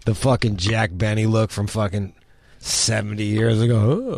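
A man's voice: on the low side, normal speed, creaky, a little mellow, dry recording. A man hosting a comedy talk show, riffing bluntly and swearing constantly. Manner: blunt, swears constantly, riffs with mock voices. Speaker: podcast host. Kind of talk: profane comedic commentary.

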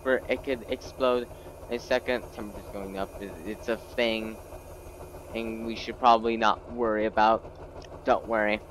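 A man's voice: on the low side, little pitch movement, moderate pace, noisy background. A man giving gameplay commentary, self-mocking and exasperated as things go wrong. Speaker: gameplay video creator.

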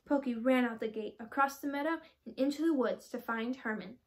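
A teenage girl reading a children's storybook aloud, with clear, expressive storytelling. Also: a little high, brisk. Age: teens. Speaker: storybook reader.

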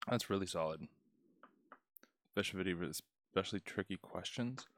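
A man's voice: deep voice, normal speed, fairly bright tone, a little hiss or hum. A young man tutoring on a casual livestream, chatty and laid-back as he greets viewers by name. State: out of breath. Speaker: test prep tutor streaming live.

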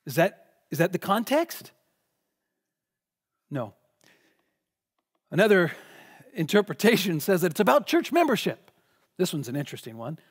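Pastor, male, preaching an emphatic sermon from the pulpit. High-pitched voice with long church reverb. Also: sing-song, moderate pace, pauses often, breathy edge. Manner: emphatic, repeats words when stressing a point. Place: church sanctuary.

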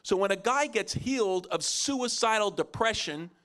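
Male preacher, storytelling sermon, lively pitch swings. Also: normal speed. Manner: animated, acts out quotes with big pitch jumps.

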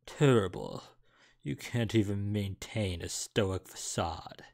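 A man's voice: fairly low pitch, steady tone, a little slow, creaky, soft background music. A man doing a sneering, haughty rooster rival. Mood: scornful. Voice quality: sneering, cold. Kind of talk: reading a visual novel aloud.

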